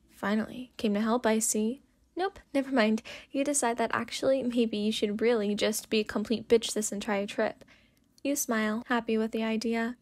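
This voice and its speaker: Sleepy woman in a whispered role-play. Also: a little high. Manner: soft, sleepy second-person storytelling. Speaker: fanfic reader.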